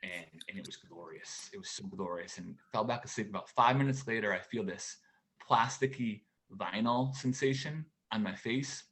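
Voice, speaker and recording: A man in his forties doing a stand-up comedy routine from home for a virtual show, with a halting, deadpan delivery and many pauses. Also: on the low side. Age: 40s.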